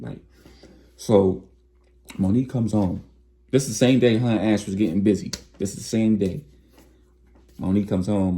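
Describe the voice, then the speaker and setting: Gravelly deep-voiced man telling a story. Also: fairly even intonation, moderate pace, long pauses, mellow. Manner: slangy, conversational, acts out quotes. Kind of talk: casual storytime narration.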